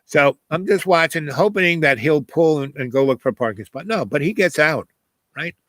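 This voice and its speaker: A man's voice: fairly high pitch, expressive, moderate pace, fairly bright tone, no room sound, poor audio. A man telling a personal anecdote in a casual, rambling way, full of fillers and asides. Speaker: host telling a personal story.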